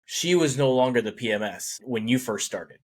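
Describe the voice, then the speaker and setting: A man's voice: mid-range voice, expressive, moderate pace. A man hosting a podcast, chatting easily and laughing along with his guest. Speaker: podcast host. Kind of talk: casual chat.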